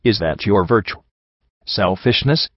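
A man reading the part of a stern, cryptic male card dealer in a soft, raspy voice, pressing with questions. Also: fairly low pitch, lively intonation, unhurried, dry recording. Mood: probing. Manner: lecturing, probing questions. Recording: dull lo-fi audio.

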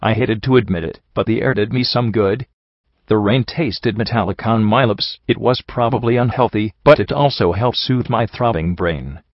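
A man narrates a first-person story in a low voice with wry, measured pacing. The recording is dry, with no room sound. It sounds slightly dull and lo-fi. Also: no room sound. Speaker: audiobook narrator.

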